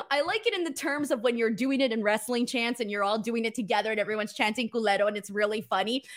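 A woman hosting a casual wrestling live stream, reading viewer messages with lots of laughter, joking and offhand swearing. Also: high-pitched. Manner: laughs often, swears casually, animated and playful. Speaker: wrestling show host.

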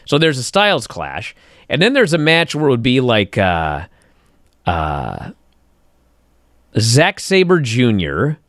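A man co-hosting a podcast, telling a story in an excitable, animated way and acting out the moves on a close mic. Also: medium pitch, slow, pauses often, no room sound. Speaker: podcast co-host. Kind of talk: excited wrestling podcast chat. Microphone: close studio mic.

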